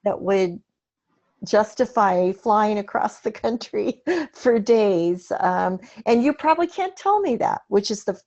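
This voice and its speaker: A woman's voice: mid-range voice, animated, a little slow, a little mellow. Hesitant woman asking a webinar question. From Portland, Oregon. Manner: hesitant, thoughtful, many fillers. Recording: lo-fi webinar audio.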